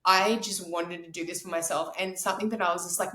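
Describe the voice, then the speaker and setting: Guest voice: woman in her thirties, quick and effusive, recorded in a roomy space. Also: on the low side, fairly even intonation, a bit bright. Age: 30s. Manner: fast, gushing, emotional storytelling. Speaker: podcast guest. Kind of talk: casual interview chat.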